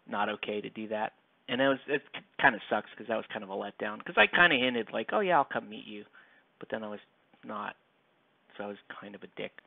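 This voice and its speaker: A man's voice: medium pitch, creaky. A young man chatting casually while painting, rambling and self-mocking as he reads comments aloud. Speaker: painting streamer. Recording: dry, tinny, phone-like sound.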